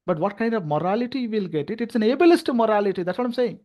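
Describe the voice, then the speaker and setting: A man's voice: sits high, expressive, quick pace, few pauses, highs cut off. A man with a Tamil English accent giving a university lecture, with many restarts and frequent "right?" and "you know".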